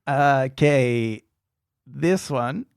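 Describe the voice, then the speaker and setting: A man's voice: medium pitch, extremely slow, creaky, clear, resonant tone, no echo, studio quality. A man co-hosting a podcast who runs a movie-quote quiz and chats casually, teasing and rambling about films. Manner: chatty, teasing, rambling opinions. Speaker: podcast co-host, quiz master.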